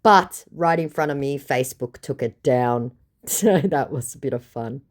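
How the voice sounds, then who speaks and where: A woman's voice: rumbling low, moderate pace. An Australian woman recounting chat logs in a comedic way, with dry, sarcastic asides. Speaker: scambaiting storyteller.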